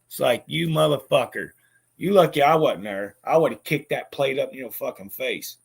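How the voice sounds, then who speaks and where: A man's voice: medium pitch, normal speed, vocal fry, husky. A man telling a personal story in a bitter, profane way, with lots of stammered restarts. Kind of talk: casual spoken monologue.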